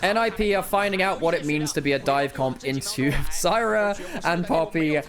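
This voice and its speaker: A man doing excitable, jokey play-by-play commentary as an esports caster, swinging between shouts and low asides. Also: moderate pace.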